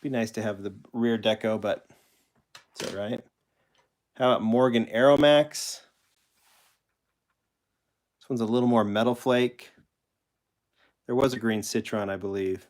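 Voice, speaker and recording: Male streamer, lowish voice, loose, rambling chat with frequent self-corrections. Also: unhurried, long pauses, a little mellow. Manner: rambling, self-correcting, answers chat questions while showing toy cars. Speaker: host of a live collector stream. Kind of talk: casual live-stream chat.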